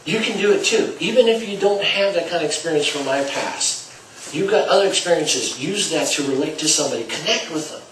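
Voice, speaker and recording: A man's voice: a little high, animated, a little fast, fairly bright tone, a little hiss or hum. Man lecturing salespeople in a roomy space. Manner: acts out dialogue with shifting volume. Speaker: sales trainer. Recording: roomy, distant mic, faint ambience.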